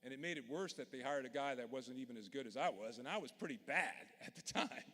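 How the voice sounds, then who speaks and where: This time the Louisiana commencement speaker talks fast in a mid-range, expressive voice with a fairly bright tone. He tells stories in a folksy, heartfelt, plain-spoken manner, and the vast indoor arena leaves a long reverb on everything.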